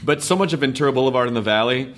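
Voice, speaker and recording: An American man hosting a casual chat, playful and animated, often slipping into silly voices. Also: mid-range voice, rapid-fire. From United States. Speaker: podcast host.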